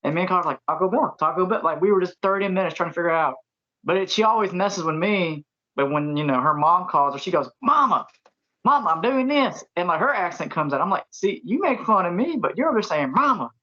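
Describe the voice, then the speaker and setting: A man's voice: sits high, expressive, fast talker, bright, forceful tone. Joking male co-host, muffled sound. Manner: joking storyteller. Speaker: podcast co-host. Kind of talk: casual podcast chat. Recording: dull lo-fi sound.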